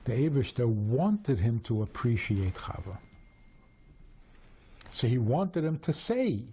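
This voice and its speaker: A man teaching Torah through storytelling, animated and full of rhetorical questions. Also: mid-range voice, takes it slowly, long pauses, breathy edge. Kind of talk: storytelling lesson.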